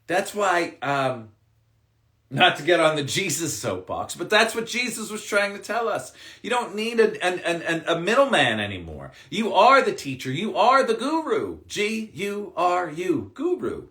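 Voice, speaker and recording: Male spiritual coach on a live stream, emphatic and upbeat, bright forceful voice. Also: high-pitched. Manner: upbeat, emphatic, swears casually. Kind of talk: live-stream card reading and pep talk.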